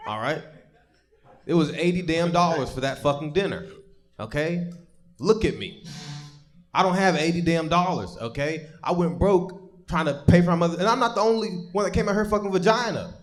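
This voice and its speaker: A man's voice: on the high side, expressive, normal speed, soft background music. Profane, stammering young male stand-up comic. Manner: profane, rambling, stammering storytelling. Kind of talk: live stand-up set. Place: live comedy stage.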